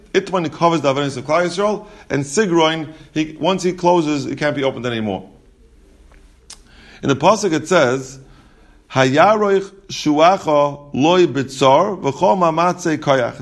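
Man teaching a Talmud lesson. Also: on the high side. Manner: reads text in singsong then explains in plain English, many restarts. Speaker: Torah teacher. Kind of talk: Talmud lesson, translating Hebrew and Aramaic text.

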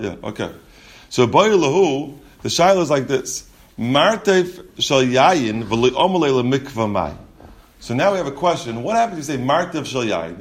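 A man teaching a Talmud class, explaining step by step with frequent restarts and repeated words. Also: mid-range voice. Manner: explains step by step, asks and answers questions.

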